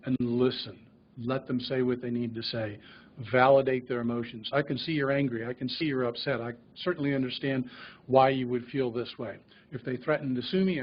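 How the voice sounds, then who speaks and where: A man's voice: mid-range voice, muffled recording, slight background noise. A man, a physician, giving a grand rounds lecture and telling stories that act out talks with patients and families. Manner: conversational storytelling, acts out patient dialogues.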